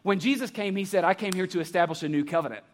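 A man preaching a sermon to a church congregation, animated and joking, asking the crowd rhetorical questions. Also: high voice, quick pace. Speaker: pastor. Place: church sanctuary.

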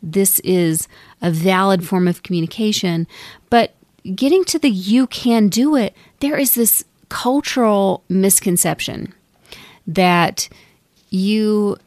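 A woman co-hosting a podcast as a medium, talking casually with many fillers and lively quoted asides. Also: medium pitch, slow, no echo. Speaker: podcast co-host, psychic medium.

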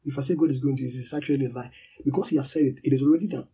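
A man's voice: mid-range voice, steady tone, rapid-fire, dark tone, slightly rough. A man preaching a sermon to a congregation, emphatic and repetitive, leading a prayer line by line. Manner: emphatic, repeats key words, leads a prayer line by line. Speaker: pastor.

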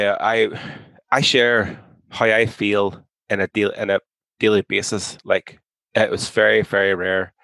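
Podcast guest: young man, lowish voice, blunt and unfiltered, dry close sound. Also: gravelly, a bit bright, no room sound, poor audio. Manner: blunt and outspoken, swears freely. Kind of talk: candid conversation.

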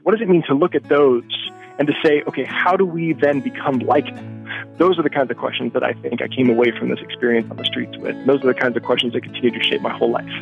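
A man being interviewed, telling his story earnestly and thoughtfully, pausing and restarting as he searches for words. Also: medium pitch, fairly even intonation, creaky, soft background music. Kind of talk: reflective storytelling. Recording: tinny phone line.

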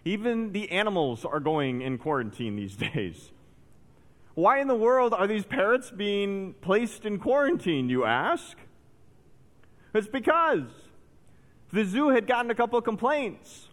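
A man preaching to his congregation in a fairly high voice. His sermon swings between animated storytelling and hushed, weighty emphasis. The long reverb of a large church hall trails after each phrase. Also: unhurried. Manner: animated storytelling, dropping to soft intense emphasis. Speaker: pastor.

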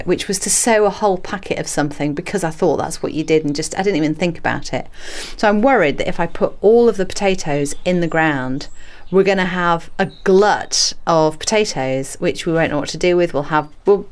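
A woman hosting a gardening podcast from her greenhouse, chatty and self-mocking with playful asides. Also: on the low side. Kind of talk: casual gardening podcast chat. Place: garden and small greenhouse, outdoors.

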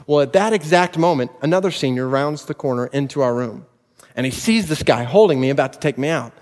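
A pastor telling personal stories in a sermon, building to emphatic preaching before a congregation. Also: male voice, on the high side, expressive, fairly quick. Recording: long reverb of a large hall.

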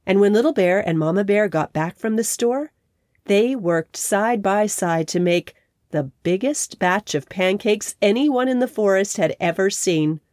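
Slow, gentle woman storyteller. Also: mid-range voice, no echo, studio quality. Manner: gentle, measured. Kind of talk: children's story narration.

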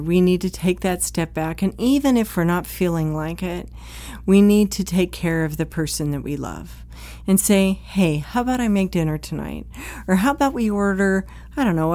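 A woman with a lowish voice hosts an advice podcast in a conversational monologue. She acts out little quoted exchanges between partners. The sound is close and dry, with no room around her. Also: warm tone, dry recording. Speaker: podcast host, psychologist.

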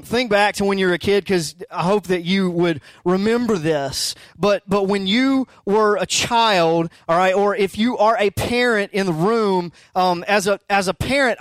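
A man in his thirties preaching a casual sermon as pastor, talking in halting restarts with joking asides. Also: sits high, a bit bright, no echo. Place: darkened church auditorium.

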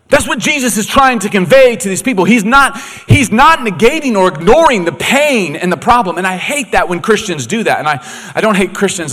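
A man's voice: high voice, long reverb tail. A man preaching a sermon, telling stories and acting out quotes with jokes along the way. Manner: animated storytelling, acts out quotes, joking. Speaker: pastor.

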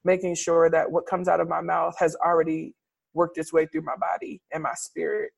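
Husky, gravelly-voiced woman preacher. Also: on the low side, moderate pace. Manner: animated, expressive, laughs often. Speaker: preacher and teacher. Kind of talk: candid conversational reflection.

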